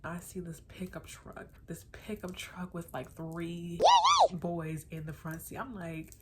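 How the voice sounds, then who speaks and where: A young woman telling a storytime tale casually, animated and dramatic, with plenty of swearing. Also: on the low side, unhurried, heavy background noise. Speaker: vlogger.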